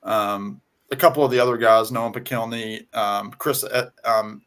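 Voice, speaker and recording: A man with a Southern US twang, talking casually on a video call and pausing often with ums and restarts. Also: on the low side, fairly even intonation, fairly bright tone. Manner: halting, many ums and restarts. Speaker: guest on music chat. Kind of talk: casual conversation.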